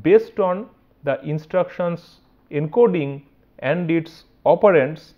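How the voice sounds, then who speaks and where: Indian-accented male lecturer, fairly high voice. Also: highs cut off. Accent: Indian English. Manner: explanatory, with frequent "right" and restarts. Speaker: university lecturer. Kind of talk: recorded academic lecture.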